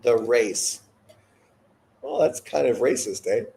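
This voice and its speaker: A man's voice: mid-range voice, slow pace, gravelly, warm tone. A man hosting a live boxing watch-along, ranting bluntly and swearing freely between fight talk. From Canada. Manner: blunt, profane, opinionated rants. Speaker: boxing show host.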